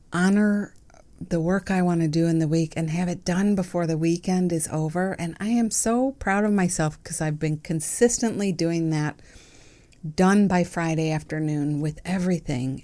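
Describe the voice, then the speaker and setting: A middle-aged woman hosts her solo podcast from her home desk, with a slightly low voice. She chats casually, giggling often and jumping up into bright, excited notes when something delights her. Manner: playful, giggly and affectionate, with bursts of excited high notes. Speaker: podcast host.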